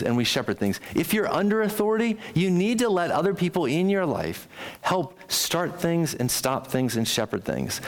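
A man preaching a sermon, animated and conversational, often asking the congregation questions and acting out quoted lines. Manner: acts out quoted speech with sharp jumps in pitch. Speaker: pastor.

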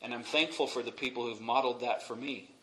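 Pastor preaching in an echoey church. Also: male voice, mid-range voice, steady tone, quick pace. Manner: swings from quiet asides to loud emphatic peaks. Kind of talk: sermon. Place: church sanctuary. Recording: echoey room, faint noise.

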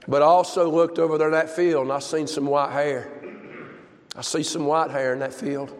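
An older man preaching a folksy, impassioned sermon that builds to shouts. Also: a little high, fairly even intonation, normal speed. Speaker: pastor. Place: church service. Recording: long church reverb.

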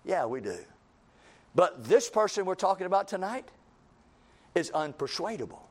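A man's voice: high-pitched, big pitch swings, moderate pace. A man preaching a sermon, folksy and repetitive, building to emphatic calls and acting out everyday scenes.

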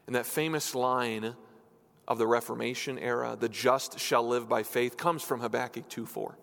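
A man's voice: mid-range voice, normal speed, fairly bright tone. A man preaching a sermon as a pastor, talking earnestly and pleading, his voice lifting on questions. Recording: long hall reverb.

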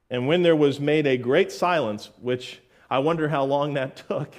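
A man preaching a verse-by-verse sermon as pastor, animated, acting out scenes and quotes and often restarting his words. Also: medium pitch, normal speed.

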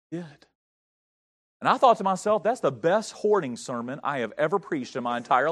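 A middle-aged man from North Carolina preaching a Sunday sermon. His voice sits high for a man. He tells stories in a plain way, then builds his points to strong, emphatic swells. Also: lively intonation, moderate pace, fairly bright tone. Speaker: pastor.

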